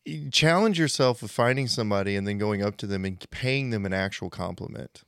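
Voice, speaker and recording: Gravelly low-voiced joking man. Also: fairly quick, dry recording, studio quality. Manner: animated, self-deprecating and joking. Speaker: podcast host. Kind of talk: casual podcast chat.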